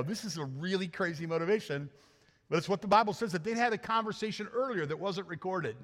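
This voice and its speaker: Animated preaching man in a reverberant church. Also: high voice, quick pace. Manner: animated, joking, acts out characters. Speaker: pastor. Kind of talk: sermon. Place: church sanctuary. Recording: hall reverb.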